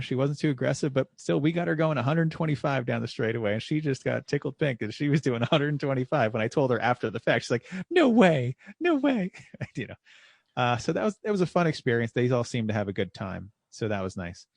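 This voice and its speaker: A man co-hosting a racing podcast, telling stories casually and getting animated when he quotes people. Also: mid-range voice, fast, vocal fry, dry recording, studio quality. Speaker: podcast co-host and driving instructor. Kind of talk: casual chat.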